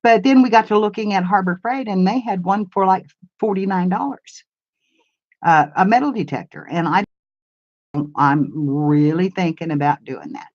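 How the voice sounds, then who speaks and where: A woman's voice: on the low side, expressive, normal speed, darkish tone, muffled recording. An older woman hosting a crafts channel, chatting in a rambling, homey way and answering viewers' comments on a live stream. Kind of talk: casual live-stream chat. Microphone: camera mic.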